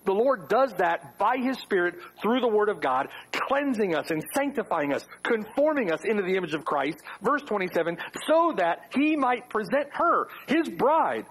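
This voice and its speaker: A man's voice: sits high, husky, low-quality recording. A man preaching a sermon to his congregation, firing off rhetorical questions with wry asides. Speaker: pastor. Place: church.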